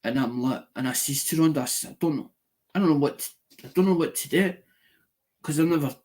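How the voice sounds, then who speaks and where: A man's voice: on the high side, darkish tone. A man hosting a live mail-call stream, telling a long casual story full of restarts, acted-out quotes and the odd swear word. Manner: retells conversations by quoting them. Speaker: channel host doing a live mail call.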